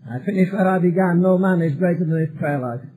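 A man's voice: high voice, brisk, dark tone, rough recording. A male preacher delivering a sermon emphatically, building repeated phrases toward a climax.

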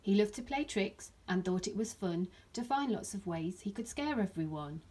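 Reading a rhyming picture book to her pupils, this primary school teacher keeps a gentle storytelling manner. She has a mid-range, slightly rough voice and sounds animated at a moderate pace.

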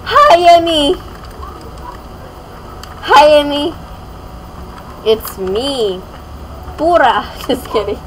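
A woman's voice: high-pitched, lively intonation, slow, long pauses, slight background noise, poor audio. A young woman giving casual gameplay commentary as a gaming YouTuber, rambling and giggly with many fillers.

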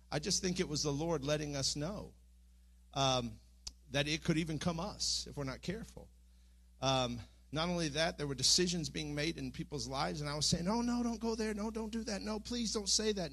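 A man's voice: fairly high pitch, creaky, fairly bright tone. A middle-aged man, preaching a sermon in a church with earnest speech that rises into impassioned pleading. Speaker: pastor. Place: church sanctuary.

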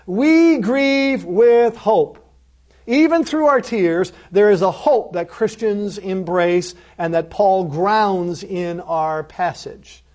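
In a recorded course lecture, this seminary lecturer speaks emphatically in a voice that sits high, asking rhetorical questions only to answer them. On key phrases he slows right down and drops his voice softly.

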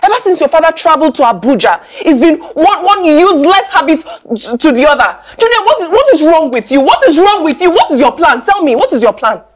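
A woman's voice: high voice, big pitch swings, brisk, few pauses, soft background music. An actress with a Nigerian accent playing a stern middle-aged mother who scolds her son with insistent, repeated questions. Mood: indignant. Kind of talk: film drama acting.

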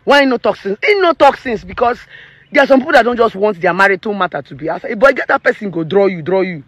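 A woman's voice: medium pitch, animated, fast talker, husky, no room sound. Emphatic Nigerian woman ranting. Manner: emphatic and preachy, slipping into Pidgin. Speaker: relationship therapist. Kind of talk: opinion vlog rant.

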